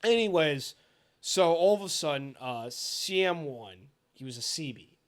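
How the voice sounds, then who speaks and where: A young man in his twenties co-hosts a casual podcast and tells a story with plenty of swearing. His voice sits a little high and swings widely in pitch, and now and then he breaks into loud shouted impressions. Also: expressive, a little slow, clean tone. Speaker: podcast co-host.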